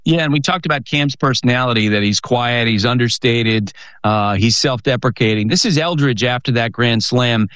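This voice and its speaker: A man's voice: mid-range voice, normal speed, a bit bright, clean tone, no echo. A man hosting a sports talk show, analyzing a player in a conversational way.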